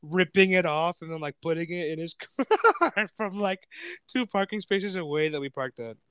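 A man's voice: high-pitched, normal speed, a bit bright, clean tone, dry recording. A man in his twenties hosting a podcast, telling a rambling story in casual chat, swearing often and filling with "like". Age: 20s. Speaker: podcast host.

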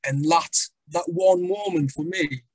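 A man's voice: fairly high pitch, a little slow, no room sound, poor audio. A young man from Sunderland with a North East English accent, chatting as a guest and telling rambling stories with casual swearing. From Sunderland, North East England. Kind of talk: casual conversation.

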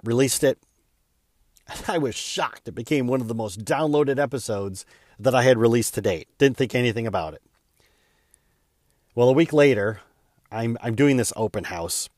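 A man's voice: mid-range voice, normal speed, long pauses, a little mellow, no room sound, clean studio sound. A man hosting his own podcast, telling a personal story in an earnest, candid way with small stumbles and repeats. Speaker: podcast host.

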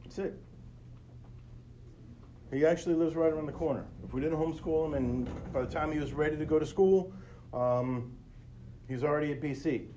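A man's voice: a little high, moderate pace, pauses often, dark tone, slight background noise. A middle-aged man hosting a podcast, telling a personal story in an earnest, conversational way and speaking straight to his listeners. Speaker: podcast host.

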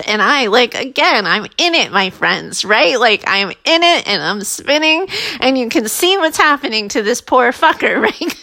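A woman with a slightly high voice shares a personal story with her listeners. She talks casually and candidly, full of fillers. She gets livelier as she relives the emotion. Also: measured pace, rough recording. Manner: candid, chatty, animated when reliving emotion.

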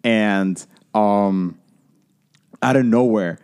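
A man's voice: fairly low pitch, very slow, a little mellow, smooth. A young adult man co-hosting a podcast, telling a story in a rambling, profane way full of fillers. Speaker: podcast co-host. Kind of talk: casual storytelling chat.

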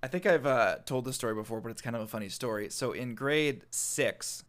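A man's voice: medium pitch, fairly quick. A young man in casual chat, telling funny stories with lots of laughter and acted-out quotes. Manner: animated, laughing, acts out quotes.

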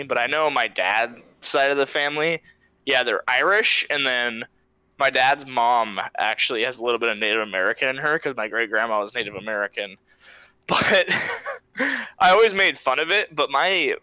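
A man's voice: mid-range voice, lively intonation, normal speed, sharp tone, smooth, dry recording, rough recording. A young man hosting a podcast, chatting casually, laid-back, swearing and laughing often. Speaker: podcast host. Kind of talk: casual chat.

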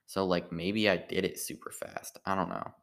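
A tired man with a very deep, gravelly voice talks in a loose, meandering monologue. He stops and restarts often, trailing off and circling back as if thinking aloud. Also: little pitch movement, fairly bright tone. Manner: meandering, halting, full of restarts and filler. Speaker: amateur stand-up comedian. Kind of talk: rambling casual monologue.

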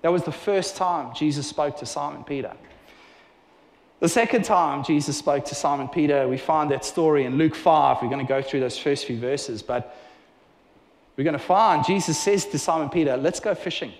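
A man preaching a sermon, telling Bible stories with lively acted-out dialogue. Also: fairly high pitch, moderate pace. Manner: animated storytelling with acted-out dialogue. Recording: echoey hall with long reverb.

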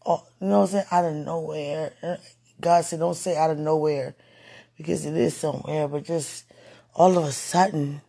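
Overwhelmed man pleading in breathy whispers. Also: fairly high pitch, steady tone, moderate pace, warm tone. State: emotional, near tears. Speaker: vlogger. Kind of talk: emotional late-night vlog.

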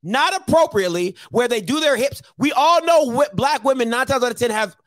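A man with a very high voice hosts a heated call-in show. He is blunt and confrontational and hammers his points home by repeating them. The sound is dry and close. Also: lively intonation, a little fast, a bit bright, no room sound.

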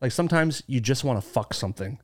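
A man hosting a casual podcast, talking bluntly and swearing without a second thought. His voice jumps around a lot in pitch, rising and falling through each remark. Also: quick pace. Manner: blunt, swears freely, lively pitch swings. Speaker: podcast host.

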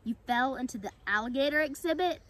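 A woman's voice: high-pitched, quick pace, fairly bright tone. A haughty male giraffe speaks in a snide, sullen way, as a woman reading aloud plays him. He sounds superior and cold. It is a children's storybook read aloud.

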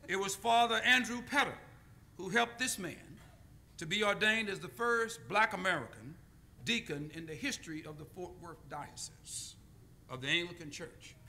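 A man preaching a sermon, telling stories with deliberate pauses and calling for amens. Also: high voice, sharp tone. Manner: call-and-response, deliberate pauses. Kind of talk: sermon with storytelling.

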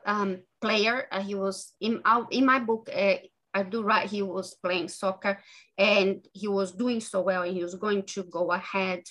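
Bright-voiced earnest woman author. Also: medium pitch, steady tone, poor audio. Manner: earnest, halting, with many restarts. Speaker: author and guest. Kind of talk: podcast interview conversation.

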